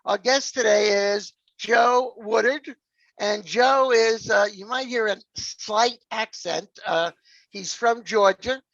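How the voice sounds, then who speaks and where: A man's voice: high voice, slow, a bit bright, dry recording. A man, hosting a podcast in a chatty, joking way. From New York area. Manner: chatty, jokey, peppers lines with "all right?". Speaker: podcast host. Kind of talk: casual podcast chat. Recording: dull, dry lo-fi sound.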